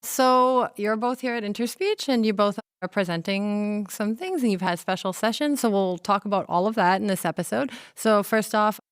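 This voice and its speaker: A woman hosting a podcast, introducing her guests with measured, friendly questions. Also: mid-range voice, clean tone, dry recording, clean studio sound. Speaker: podcast host. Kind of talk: conference interview.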